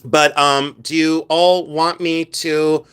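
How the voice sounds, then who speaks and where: A man's voice: a little high, flat delivery, slow pace, a bit bright, clear, resonant tone. A middle-aged man chatting casually to viewers on a live stream as a jewelry reseller, playful and scattered, laughing often and breaking off mid-sentence.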